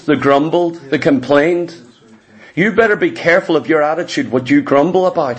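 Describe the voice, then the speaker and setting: Emphatic high-voiced male preacher. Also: expressive, a little fast. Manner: emphatic, repetitive preaching cadence. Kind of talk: sermon.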